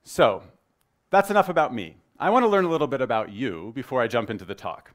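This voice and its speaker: A man in his thirties giving a conference talk, energetic and joking, opening with a story. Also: mid-range voice, quick pace. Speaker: conference speaker.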